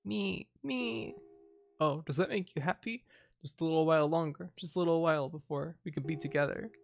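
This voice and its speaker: A man voicing a brooding young male killer from a video game, reading the lines aloud in a soft, level voice. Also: a little high, a little fast, vocal fry.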